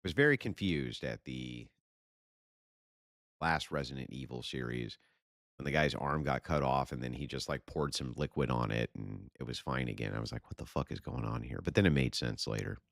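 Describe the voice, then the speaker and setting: A man's voice: very deep voice, normal speed, vocal fry, fairly bright tone, dry recording, studio quality. A man hosting a livestream and reading super chats in a blunt, profane, sarcastic way. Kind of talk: casual livestream chat.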